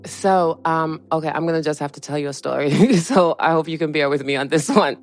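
A woman being interviewed, telling a personal story in an animated way and acting out what other people said to her. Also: sits low, a little fast, faint music behind. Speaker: interview guest.

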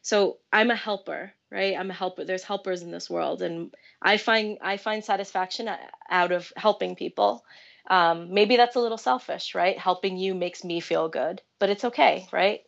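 Woman, interview guest, gravelly voice, bubbly and chatty, muffled lo-fi sound. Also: medium pitch, normal speed. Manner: bubbly, laughs often, chatty with fillers. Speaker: guest artist. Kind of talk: casual interview chat.

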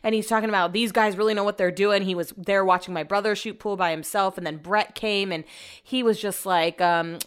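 A young woman tells a rambling everyday story in a casual, profane, animated way, slipping into quick voices for the people in it. Her voice is smooth and clear, with a pitch right in the middle for a woman. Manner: chatty, profane, animated retelling. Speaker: vlogger.

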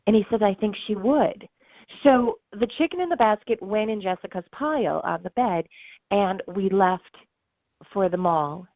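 Medium-pitched and expressive, at a moderate pace, a middle-aged woman tells an emotional story as an interview guest. This bereaved mother and author speaks earnestly, acting out quoted voices and laughing through tears, on a tinny phone-like line with no room sound.

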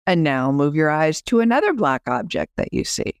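A woman's voice: sits low, sing-song, normal speed, clean tone, dry recording, clean studio sound. A woman podcast host and business coach, chatting as she explains her program and guides listeners through an exercise.

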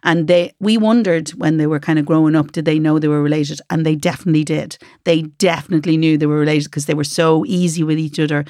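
A woman's voice: low voice, steady tone, quick pace, hardly any pauses, darkish tone, no room sound. Chatty Irish woman, dry close mic. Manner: chatty, laughing, reads listener letters aloud. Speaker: podcast co-host. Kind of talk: casual chat.

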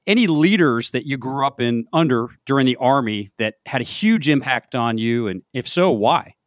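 A man's voice: mid-range voice, expressive, normal speed, dry recording, clean studio sound. An older man, a retired colonel, hosting an interview in a conversational, affirming way. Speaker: podcast host, retired colonel.

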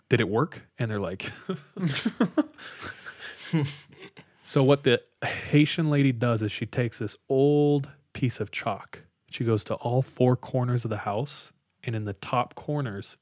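A man's voice: medium pitch, no echo, clean studio sound. Man telling a ghost story casually. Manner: animated retelling with fillers, hushed for spooky parts. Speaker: podcast co-host telling a story.

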